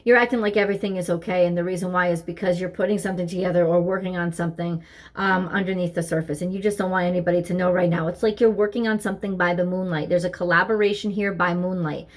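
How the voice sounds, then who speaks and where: In a lowish voice with fairly even intonation, a woman speaks fast while reading tarot at her home desk, dog nearby. She comes across as earnest, thinking aloud and repeating herself.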